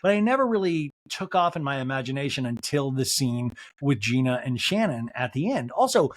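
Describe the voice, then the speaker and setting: A man hosting a solo podcast recap, talking in a casual, animated way with a fairly high voice. He swears freely and slips into quick impressions of the people he discusses. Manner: chatty, animated, swears, mimics people in quotes. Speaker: podcast host.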